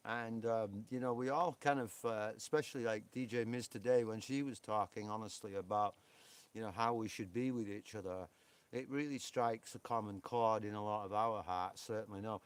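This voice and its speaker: A man's voice: on the low side, steady tone, normal speed, smooth. A man with a Yorkshire accent co-hosting a live stream, rambling and chatty with lots of fillers. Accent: Yorkshire English. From England.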